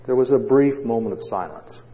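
A male pastor preaching a sermon, telling a story dramatically with long pauses. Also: medium pitch, lively intonation, warm tone. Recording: dull sound, long hall echo.

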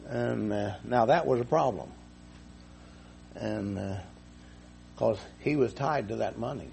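A man's voice: medium pitch, slow pace, vocal fry, a little mellow, slight background noise. A man preaching a folksy sermon to his congregation, repeating himself and telling a homespun story. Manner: folksy, repetitive, chuckles at own jokes.

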